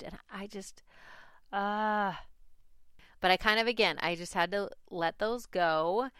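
Slow, clear-voiced woman telling a story. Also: medium pitch, no room sound, studio quality. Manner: chatty, laughs often, animated when recalling panic. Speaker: mother telling a family story. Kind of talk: casual personal storytelling.

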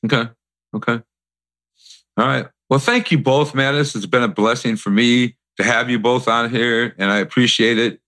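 A man's voice: medium pitch, steady tone, normal speed, fairly bright tone. A man hosting a podcast, chatting casually with his guests and thanking them. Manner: friendly, chatty, with fillers. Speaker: podcast host. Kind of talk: casual interview chat.

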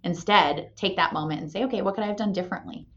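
A woman in her thirties, a company president and mother, telling a candid story and tagging her points with a quick "right?". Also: fairly low pitch. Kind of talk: motivational talk. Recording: dull lo-fi sound.

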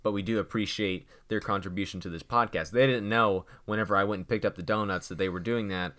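Lower voiced guy cohosting a podcast, chatty, rambles, keeps restarting sentences. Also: fast talker, a bit bright. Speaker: podcast co-host. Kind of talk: casual podcast chat.

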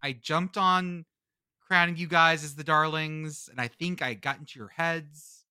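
Male podcast co-host, slightly high, bright and forceful, jokey and stumbling. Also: steady tone, unhurried, clean tone, no room sound, clean studio sound. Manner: jokey, riffing, stumbles over words. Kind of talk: casual sports chat.

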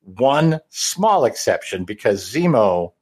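A man co-hosting a casual comic review chat, measured and analytical. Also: mid-range voice, big pitch swings, a little mellow, slightly rough. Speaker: podcast co-host.

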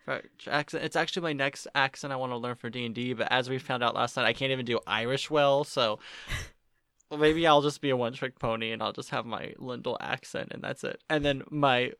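A woman's voice: rumbling low, a little fast, fairly bright tone, dry recording. Young woman, twenties, from oklahoma, podcast co-host, self-mocking rambling talk, dry close sound. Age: 20s. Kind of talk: casual podcast chat.

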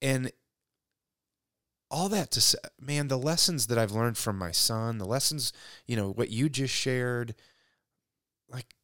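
A man talking about faith in a casual conversation, reflective and halting, often restarting his sentences. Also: mid-range voice, fairly bright tone, dry recording, clean studio sound.

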